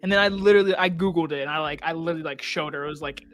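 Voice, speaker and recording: A person in their twenties telling animated, profane stories in casual chat. They act out the customers and coworkers they quote. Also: mid-range voice, rapid-fire, few pauses, faint music behind.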